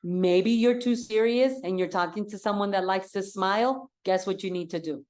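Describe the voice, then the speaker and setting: A woman's voice: medium pitch, normal speed, darkish tone. A woman real estate coach giving an enthusiastic, direct talk and repeating her key points for emphasis.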